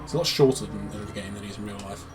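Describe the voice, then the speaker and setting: A man's voice: lowish voice, very fast. A man co-hosting a gaming video, chatting casually and joking, with frequent laughter while sharing trivia. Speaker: co-host of a gaming channel. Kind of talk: casual gameplay chat with trivia. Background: game music.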